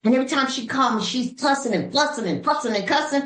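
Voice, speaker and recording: An older woman from Los Angeles speaking at a recovery meeting, telling her story in an animated, preacherly way with sudden voice shifts. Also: high-pitched, fast talker, echoey room, poor audio. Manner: African American Vernacular English grammar. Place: meeting room.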